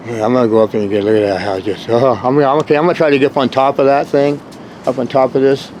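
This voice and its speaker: Male vlogger, outdoor handheld narration on a shoreline, excitable rambling delivery, faint wind noise. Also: medium pitch, very fast. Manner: rambling, exclamatory, bursts into whoops. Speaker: vlogger exploring rock formations. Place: rocky shore outdoors at low tide.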